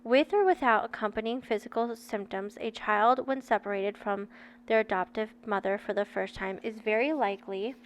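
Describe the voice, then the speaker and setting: A woman's voice: medium pitch, normal speed, slight background noise. A woman in her thirties reading a book aloud and breaking off into candid, chatty personal asides to her viewers. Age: 30s.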